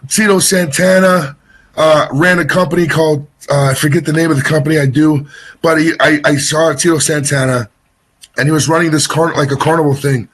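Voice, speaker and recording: A man's voice: a little high, fairly even intonation, a little fast. A man being interviewed as a wrestling guest, telling a long story casually, rambling and getting sidetracked with many restarts.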